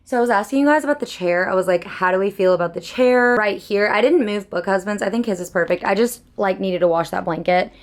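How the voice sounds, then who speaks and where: A woman's voice: medium pitch, fast, few pauses. A young woman with a Southern US accent, chatting casually and rambling at home as a book vlogger, gushing and self-deprecating.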